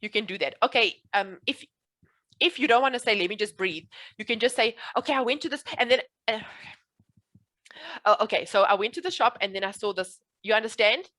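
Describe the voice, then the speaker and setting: A woman coaching a client one-on-one, earnest and reassuring, often stopping to promise something is true. Her voice sits a little higher than most women's. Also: fairly quick, fairly bright tone. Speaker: speech coach.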